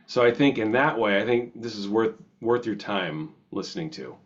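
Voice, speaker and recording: Casting note: male music host, lowish voice, chatty record-review style, slightly muffled lo-fi audio. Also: moderate pace. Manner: rambling, chatty, self-interrupting with restarts.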